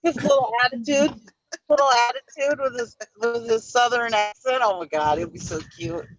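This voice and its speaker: A woman's voice: fairly high pitch, animated, normal speed, highs cut off, slight background noise. A woman in her forties with a Finnish-influenced Upper Midwest accent, chatting and laughing as a co-host. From northern Wisconsin. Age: 40s. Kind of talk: casual chat.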